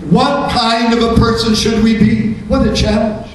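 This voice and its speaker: A man's voice: very high voice, flat delivery, normal speed. A male pastor preaching a sermon, asking rhetorical questions and building to fervent emphasis. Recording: echoey church room, mic from a distance.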